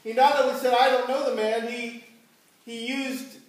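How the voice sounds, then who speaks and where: A male pastor preaches in a church, his voice set high for a man. He tells his story slowly and leaves room for the congregation to answer. The sound is very echoey and picked up from some distance. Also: little pitch movement. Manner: slow, unhurried storytelling with questions to the congregation. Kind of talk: sermon.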